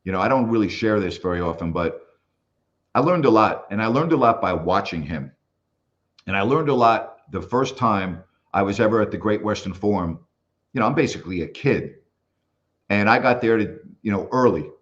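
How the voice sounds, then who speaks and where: In a casual interview, an older man formerly in basketball broadcasting tells animated stories, voicing the people he quotes. He speaks at a normal speed with a voice on the low side, and the highs are cut off.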